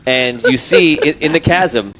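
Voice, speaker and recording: A man's voice: fairly high pitch, unhurried, background noise. A man narrating a tabletop game as game master, casual and rambling. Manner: casual, rambling with fillers and restarts.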